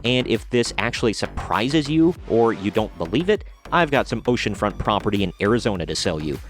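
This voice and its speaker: A man's voice: on the low side, very animated, fairly quick, soft background music. A man hosting a commentary video, reading out news articles and adding blunt, sarcastic remarks of his own. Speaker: commentary channel host.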